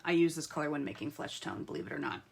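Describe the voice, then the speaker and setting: A fairly low-voiced woman hosts a live craft tutorial from her home desk and talks viewers through each step. She chats casually and drops to quiet mutters while she hunts for the right pen. Faint marker scratching and clicks sit under her voice. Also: expressive, quick pace, gravelly, slight background noise. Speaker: craft demonstrator.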